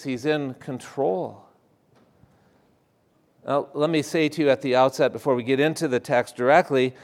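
A man preaching a sermon to his congregation, moving between loud emphasis and hushed asides. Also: mid-range voice. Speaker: pastor.

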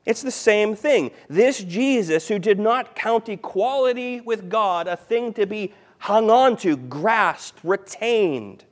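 A man delivering a sermon in a fairly high voice. He drives his points home by repeating phrases, rising to loud emphasis and then dropping to a hush. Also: lively intonation, slow pace, few pauses. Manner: emphatic, repeats key phrases, swings between loud stress and quiet. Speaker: pastor.

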